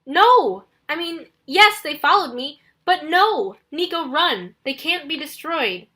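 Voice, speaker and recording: A woman's voice: high-pitched, lively intonation, moderate pace, pushed and bright, pitched above the performer's own voice. A woman voicing a desperate teenage boy hero who pleads and urges others. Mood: urgent. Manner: urgent, pleading.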